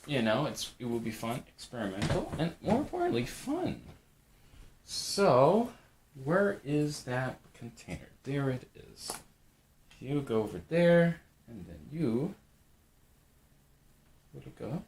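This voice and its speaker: Slow, laid-back male streamer. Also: mid-range voice, wildly swooping pitch, a little mellow, slight background noise. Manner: laid-back, jokey, reads chat aloud. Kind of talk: casual live-stream chat.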